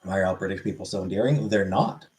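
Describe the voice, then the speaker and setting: A man's voice: low-pitched, fast talker, darkish tone, low-quality recording. A man on a live stream, casually answering questions from chat and swearing freely.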